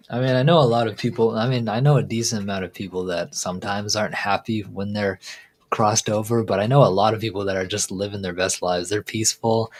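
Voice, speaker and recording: Laid-back low-voiced man streamer. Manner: laid-back, rambling, laughs at own jokes. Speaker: live stream host. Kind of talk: casual chat.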